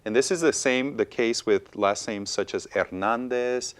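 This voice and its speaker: A woman co-hosting a televised Spanish lesson, pronouncing words slowly and deliberately between English explanations. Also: extremely low pitch. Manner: slow deliberate pronunciation, code-switching. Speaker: Spanish teacher.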